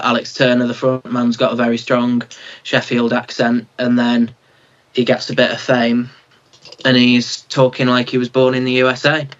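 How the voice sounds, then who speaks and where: A man's voice: medium pitch, fairly bright tone. A young Mancunian man answers in a plain-spoken, proud way, sprinkling "like" through his talk. His voice comes through somewhat muffled and dull, as if over a remote link. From Manchester, England. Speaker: guest singer-songwriter. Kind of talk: casual interview.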